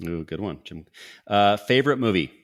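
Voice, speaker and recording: A middle-aged man hosting a podcast in a casual, upbeat and jokey way, firing off quick quiz questions. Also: fairly low pitch, lively intonation. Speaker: podcast host. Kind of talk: casual interview talk.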